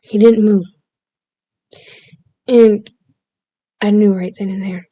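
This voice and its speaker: A woman's voice: mid-range voice, steady tone, slow, mellow, dry recording, highs cut off. A woman vlogger casually telling a personal story, chatty and playfully overdramatic, laughing at herself now and then.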